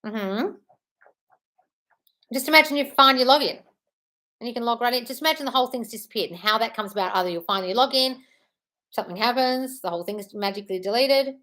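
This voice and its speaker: A woman's voice: on the high side, brisk, pauses often, bright, forceful tone. A woman hosting a casual live stream, chatting in a scattered, apologetic way while answering viewer comments.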